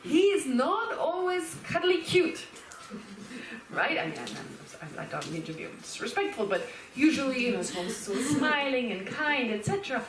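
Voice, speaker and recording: A woman teaching Buddhist philosophy as a lecture, lively and animated, laughing and acting out little quotes as she explains. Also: high voice, normal speed, crowd noise. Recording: roomy hall, speaker far from the mic.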